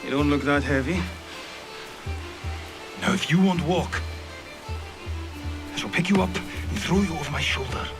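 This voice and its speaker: An actor playing a strong, stubborn Highland Scotsman in a period drama series, with a Highland Scottish accent and a firm, teasing manner. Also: measured pace, pauses often, over music, close to an everyday voice.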